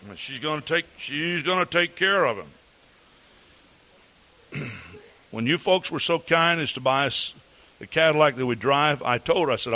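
In a sermon woven with personal stories, a man preaching as a pastor shares folksy tales about his wife, adding earnest asides for his congregation. His slightly high voice has a sharp tone and normal speed with frequent pauses, and the recording is dull.

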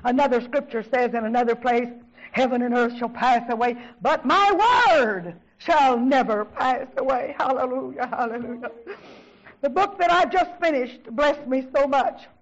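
An older woman preaches with fervor, her voice sitting high. She swings from drawn-out shouts down to hushed asides and keeps repeating exclamations of praise. The recording sounds dull and lo-fi. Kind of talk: sermon.

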